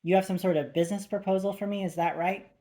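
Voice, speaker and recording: A woman's voice: mid-range voice, steady tone, fast, dark tone, pitched above the performer's own voice, close to an everyday voice. A woman voicing a thuggish male crime boss with a foreign accent who speaks in a mocking, cold way, in an audiobook.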